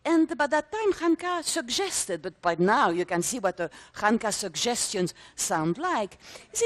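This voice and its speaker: A woman in her sixties performs a story on stage. She is theatrical and emphatic, piling up vivid lists and repeating words for effect. Her intonation leaps about a great deal, in a slightly high voice. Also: very animated, a little slow. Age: 60s. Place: conference stage before a live audience.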